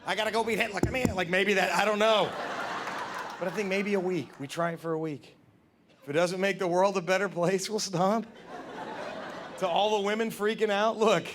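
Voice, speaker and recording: A man with a high, bright voice performing stand-up on a club stage, animated and quick to slip into goofy put-on voices. The live recording carries clear room noise and audience laughter behind him. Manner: animated, acts out scenes in silly put-on voices. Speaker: stand-up comedian. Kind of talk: stand-up comedy set.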